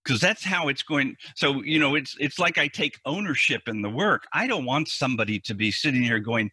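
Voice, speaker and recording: A man's voice: mid-range voice, animated, moderate pace, pushed and bright, husky, dry recording. A man talking as a therapist in a podcast interview, explaining earnestly and often restarting or repeating words. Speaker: anxiety therapist.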